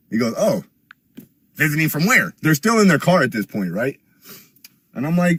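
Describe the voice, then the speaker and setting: A young man telling a rambling, profane story in casual chat, getting louder and higher as he gets worked up. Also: very animated, brisk, slightly rough, no echo.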